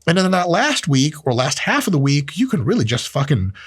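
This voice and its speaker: A man giving a casual, animated training explanation, full of swearing and jokes. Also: fairly high pitch, brisk, breathy edge, no room sound, clean studio sound. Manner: animated, profane, jokey. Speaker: strength training educator.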